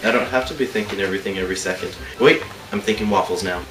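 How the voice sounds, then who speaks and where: Low-voiced man with dry humor. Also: very fast, recorded from a distance, over music. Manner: dry, matter-of-fact humor. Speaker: panel member. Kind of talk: casual opinion chat. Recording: roomy room sound.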